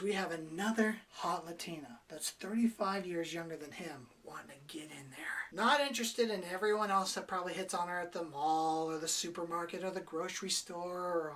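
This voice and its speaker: A man's voice: high voice, a bit bright, distant mic. Blunt, sarcastic man reviewing a film. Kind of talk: casual movie review.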